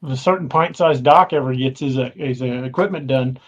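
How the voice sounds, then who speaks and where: A man from the American Midwest in easygoing podcast chat, quick with comebacks. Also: mid-range voice. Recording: dull, slightly lo-fi audio.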